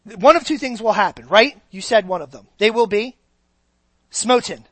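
A woman's voice: mid-range voice, lively intonation, fairly quick, fairly bright tone, breathy edge, dry recording. A woman preaching a sermon in a conversational way, often checking in with the congregation. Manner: conversational, keeps checking in with the audience.

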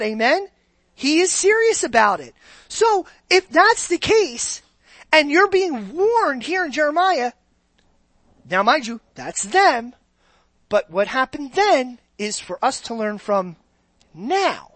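A woman's voice: high voice, very animated, slow pace, a bit bright, no room sound. A woman preaching a sermon in a conversational way, often checking in with the congregation. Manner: conversational, keeps checking in with the audience.

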